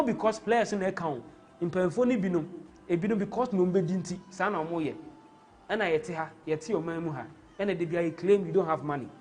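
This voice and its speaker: A man with a Ghanaian accent hosting a live football stream, talking in an impassioned, rambling way and slipping into Twi. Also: sits high. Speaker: host.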